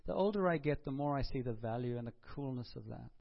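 A man's voice: mid-range voice, expressive, quick pace, gravelly, lo-fi sound. A man preaching a sermon in a conversational way, putting questions to the congregation and taking their answers. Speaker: pastor.

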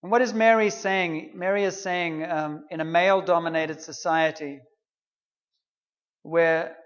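A man's voice: fairly high pitch, steady tone, measured pace, dull audio. A man preaching a sermon, retelling a story in an earnest, conversational way.

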